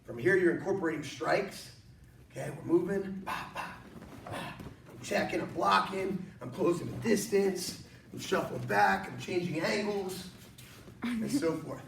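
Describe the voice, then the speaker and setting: A high-voiced man teaching an online martial arts class from his studio, energetic and joking as he coaches. The room is echoey and he stands well back from the mic. A faint hiss sits under the voice. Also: normal speed, creaky, distant mic. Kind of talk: online workout class instruction.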